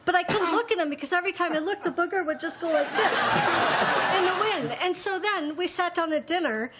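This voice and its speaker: A woman's voice: very high voice, fairly quick. A woman with a Minnesota accent, an audience member on a chat show, giving brief answers. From Minnesota, United States. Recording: noisy studio with audience.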